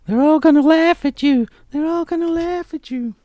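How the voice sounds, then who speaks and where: A man putting on the falsetto of a shrill, mocking woman, quoting a film. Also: normal speed, warm tone, dry recording, lo-fi sound. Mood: taunting. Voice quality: falsetto shriek.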